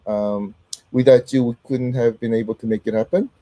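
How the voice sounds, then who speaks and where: A middle-aged man hosting a casual livestream while sick, his voice not fully back, talking haltingly with many ums and uhs and greeting viewers by name. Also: mid-range voice, steady tone, mellow, no room sound. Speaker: host.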